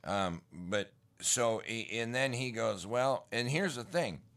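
A man's voice: mid-range voice, slow pace, a bit bright. A middle-aged man preaching a casual sermon, telling scripture stories in folksy slang and building to emphatic bursts.

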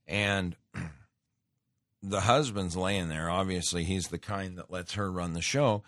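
A man's voice: low voice, takes it slowly, a bit bright, no room sound. A man hosting a talk show from a studio, speaking in a rambling, conversational monologue full of restarts and asides. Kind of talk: casual radio monologue. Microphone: studio microphone.

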